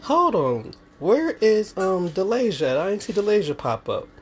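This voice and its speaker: A man's voice: high voice, sing-song, normal speed, breathy edge, soft background music. A young man, co-hosting a cooking livestream, reading viewer comments in a teasing, easygoing way. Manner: teasing, laughing easily. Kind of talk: casual livestream chat.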